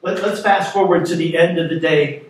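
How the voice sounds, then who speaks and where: A man preaching a sermon as pastor, telling a story in a conversational, lively way. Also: on the high side, moderate pace. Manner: storytelling, animated in places, conversational. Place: church sanctuary. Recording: echoey sanctuary, mic far off.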